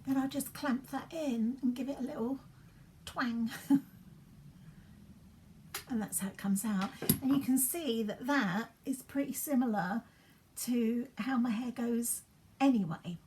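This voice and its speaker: This is a chatty woman, her voice sitting slightly high. She rambles to the camera while styling her hair at home and keeps dropping into soft, half-whispered asides. The home recording carries a faint hiss. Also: unhurried, long pauses. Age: 50s. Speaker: beauty vlogger. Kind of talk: chatty get-ready-with-me vlog.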